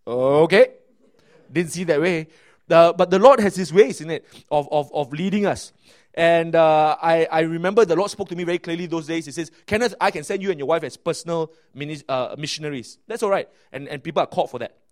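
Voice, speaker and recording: A man with a Malaysian English accent, a pastor telling stories in a sermon, chatty and animated with many fillers and restarts. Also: a little high, a little fast. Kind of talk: sermon storytelling.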